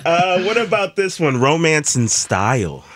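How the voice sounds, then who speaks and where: A man's voice: on the high side, sing-song, measured pace, fairly bright tone, a little hiss or hum. A man hosting a guessing game in casual chat, teasing the players playfully. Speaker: game host.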